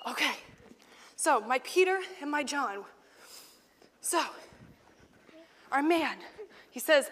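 A woman's voice: high voice, slow, long pauses, in a large hall. A young woman teaching children, acting out a Bible story with them in a playful, laughing way. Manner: playful, animated, laughing often.

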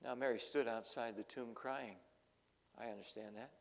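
A male pastor preaching a sermon, telling the story dramatically and swinging between loud and hushed. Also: mid-range voice, fairly even intonation, moderate pace. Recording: long hall reverb.

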